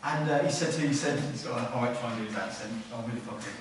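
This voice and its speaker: A man's voice: medium pitch, very fast, slight background noise. A man preaching a sermon as pastor, in an earnest conversational way that repeats words for emphasis. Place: church hall. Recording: echoey hall, mic far off.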